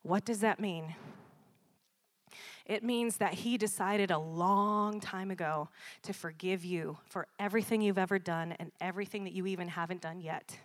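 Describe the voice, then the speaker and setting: A woman preaching a sermon, checking in often with "Amen?" and building to loud, emphatic peaks. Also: lowish voice, steady tone, normal speed.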